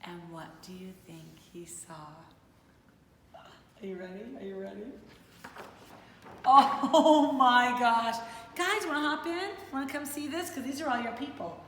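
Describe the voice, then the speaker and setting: A woman reading a picture book aloud to children, animated and talking to them between pages. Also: medium pitch, moderate pace. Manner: animated, talks to kids and plays with puppets. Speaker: children's storyteller. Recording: echoey hall with faint noise.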